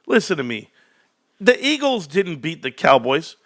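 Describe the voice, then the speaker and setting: Hyped high-voiced man ranting on a livestream. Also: wildly swooping pitch, moderate pace. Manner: hyped, loud and rambling, jumping between topics. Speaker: stock market livestream host. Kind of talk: excited livestream rant to a live chat.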